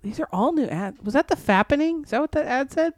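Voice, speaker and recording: A woman's voice: high-pitched, expressive, fast. A woman co-hosting a podcast, teasing her friend and exclaiming playfully while watching a video chat. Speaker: podcast co-host.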